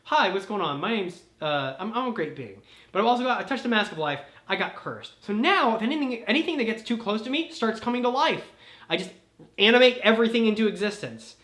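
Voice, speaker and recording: A woman voicing a cursed male ancient being who rambles in a hushed, chatty way, recorded in an echoey room. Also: medium pitch, big pitch swings, fast talker. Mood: rambling. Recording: roomy echo.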